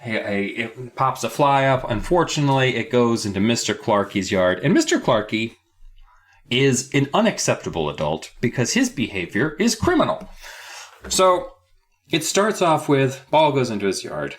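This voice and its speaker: A man's voice: mid-range voice, big pitch swings, moderate pace. A man co-hosting a podcast, recapping a book in casual chat with a sarcastic, profane edge. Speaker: podcast co-host.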